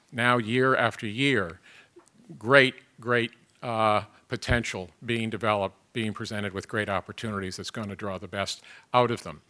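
An older man, a college president, giving a measured ceremony speech with a few fillers. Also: medium pitch, bright, forceful tone.

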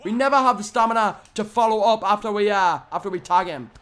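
Brief: young male let's-player, very high voice, excitable, mutters then yells at the game. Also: fast talker, clear, resonant tone. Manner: excitable, yelling at the game, swings from muttering to screaming. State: voice going hoarse from shouting. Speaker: gaming commentator. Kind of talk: live let's-play commentary.

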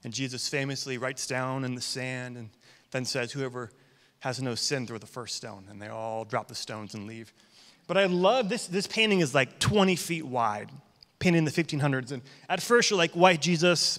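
A man's voice: mid-range voice, lively intonation, normal speed, a bit bright. A man in his thirties preaching a sermon as pastor, telling stories in a conversational, joking way. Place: church hall. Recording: long hall reverb.

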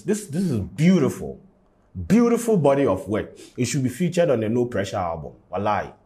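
A man reacting to a clip in slow, casual remarks laced with pidgin slang. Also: on the low side, a little mellow. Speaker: reaction video host.

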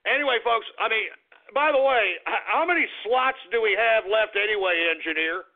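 High, gravelly profane radio host man. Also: animated, normal speed. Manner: profane, combative, swings into shouted outbursts. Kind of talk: live call-in radio rant. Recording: phone-like lo-fi radio stream.

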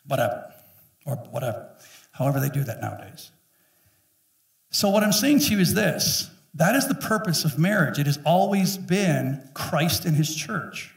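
A man's voice: on the high side, big pitch swings, creaky. Emphatic preacher man in his fifties. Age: 50s. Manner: emphatic, joking preacher who acts out quick voices. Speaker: pastor. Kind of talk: sermon. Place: church sanctuary. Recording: echoey room, mic at a distance.

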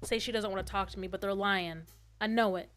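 A woman's voice: mid-range voice, steady tone, brisk, fairly bright tone, lightly acted. A woman doing a fierce Southern mama. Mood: desperate. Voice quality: Southern twang. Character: fierce worried middle-aged mother.

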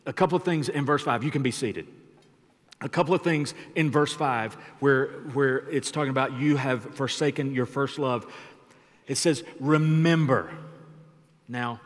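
A man preaching a sermon as pastor, emphatic and shifting his loudness for effect, in a church sanctuary. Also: medium pitch, normal speed. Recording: long church hall reverb.

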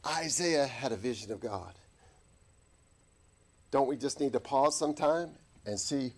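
A middle-aged man preaching a sermon as an army chaplain, telling stories and acting out voices in the quotes. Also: normal speed. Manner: animated, acts out quotes with big pitch jumps. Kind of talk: sermon with storytelling. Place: church.

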